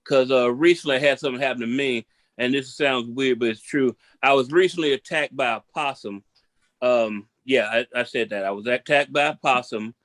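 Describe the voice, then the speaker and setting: A man from Memphis, performing a seated stand-up comedy set in an animated storytelling style and repeating punchlines for emphasis. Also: mid-range voice, normal speed, no echo. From Memphis, Tennessee.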